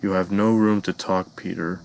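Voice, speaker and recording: A man voicing a furious, harsh middle-aged mother who shouts and scolds in a cartoon fan story. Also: deep voice, level tone, normal speed, a little hiss or hum.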